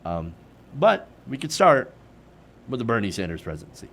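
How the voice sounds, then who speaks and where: A man's voice: medium pitch, very animated, normal speed, creaky, long pauses, a bit bright. A man hosting an online political commentary show, talking in an opinionated, sarcastic way with mocking asides.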